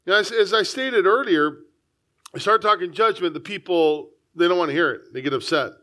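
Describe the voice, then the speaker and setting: A man's voice: high-pitched, animated, moderate pace, bright, forceful tone. A man preaching a sermon as a pastor, reading scripture and talking in a conversational way with frequent asides. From United States.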